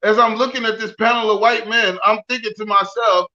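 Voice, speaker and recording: A man hosting a podcast, talking casually and profanely, breaking into loud, ranting bits. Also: high-pitched, fairly even intonation, a little fast, highs cut off. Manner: profane, boisterous, swings into loud rants. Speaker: podcast host. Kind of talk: casual chat.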